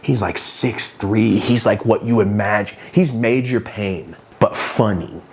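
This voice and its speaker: A man telling a story-time vlog, animated, swearing and acting out the people in his story. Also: on the low side, unhurried, breathy edge. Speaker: vlogger.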